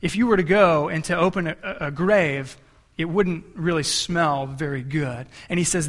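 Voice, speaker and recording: A man's voice: on the high side, moderate pace, fairly bright tone. A male pastor preaching a sermon in a conversational, storytelling way, with frequent restarts and asides to the congregation. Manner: many restarts and repeated words.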